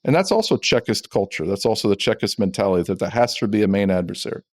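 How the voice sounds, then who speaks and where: A middle-aged man with a lowish voice gives a podcast interview. He talks emphatically and repeats words when he gets fired up. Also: fast. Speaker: ex-CIA officer, guest expert.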